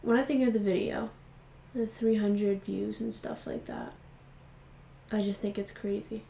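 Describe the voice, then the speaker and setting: A woman's voice: mid-range voice, steady tone, a little slow, gravelly, warm tone, slight background noise. A young woman chatting casually and reflectively to camera, rambling with many fillers. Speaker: vlogger. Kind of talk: casual vlog chat. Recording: echoey room.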